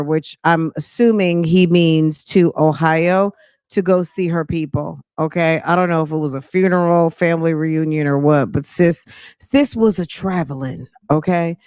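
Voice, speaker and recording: A woman's voice: lowish voice, a little slow, darkish tone, clear, resonant tone, no echo, clean studio sound. A woman from New Jersey hosting a reaction channel, chatting casually with sassy, judgy asides. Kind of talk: casual commentary.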